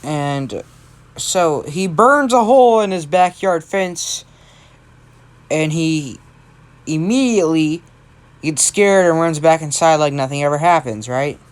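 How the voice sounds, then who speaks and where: A tired amateur storyteller improvises a fan story. The delivery rambles and keeps backing up to correct itself, at an ordinary middle pitch. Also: slow pace. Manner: rambling, self-correcting, unscripted.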